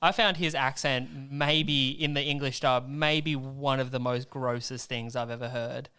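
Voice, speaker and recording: A man talking quickly and enthusiastically about anime in casual podcast chat, asking the others questions. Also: mid-range voice, fairly even intonation, bright, forceful tone, clear, resonant tone. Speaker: podcast co-host.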